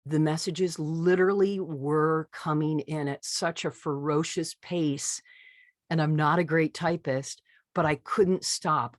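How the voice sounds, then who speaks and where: A woman's voice: low-pitched, dry recording, clean studio sound. A middle-aged woman, a podcast guest, telling her story in casual conversation and acting out the voices she quotes. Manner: animated storyteller who acts out quoted voices.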